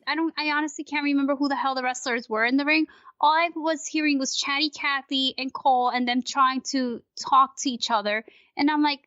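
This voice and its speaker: A woman guest on a casual podcast, talking in an animated, ranting way and swearing freely. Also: high-pitched, dry recording. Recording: dry, dull lo-fi sound.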